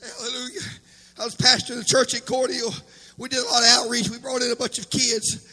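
A man preaching a Pentecostal sermon as pastor, shouting in a chanting cadence and punctuating his lines with amens. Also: very high-pitched, flat delivery, a little fast. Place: church sanctuary. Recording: echoey church hall with music.

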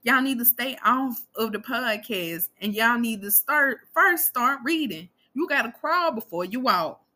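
A woman's voice: on the high side, animated, a little slow, pushed and bright. A woman in her twenties hosting a podcast, talking straight to her listeners in a blunt, profane, emphatic monologue. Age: 20s. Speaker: podcast host.

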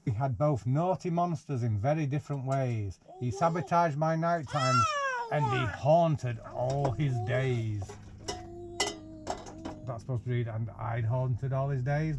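A man's voice: mid-range voice, noisy background. A man reads a picture book aloud to a baby in a caravan, breaking off for playful, teasing asides. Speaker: parent reading to a baby. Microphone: 360 VR camera.

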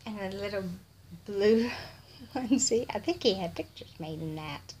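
A woman's voice: medium pitch, animated, unhurried, darkish tone, a little hiss or hum. A woman with a Texan accent, gushing over baby clothes in a casual unboxing vlog, often dropping to a whisper. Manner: gushing, breathless with delight, slips into whispers. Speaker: vlogger.

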